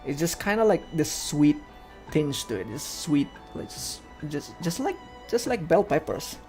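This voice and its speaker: Chatty young man with slightly high voice. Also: very animated, a little slow, a little mellow, soft background music. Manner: rambling, chatty, with clumsy grammar. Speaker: game streamer. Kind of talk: casual chat while playing a game. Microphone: desk microphone, no camera.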